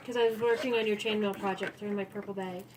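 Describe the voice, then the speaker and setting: A woman's voice: medium pitch, fairly even intonation, fast talker. A middle-aged woman chatting casually, matter-of-fact and tending to children while she talks. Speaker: parent. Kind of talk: casual chat. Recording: home video with background noise.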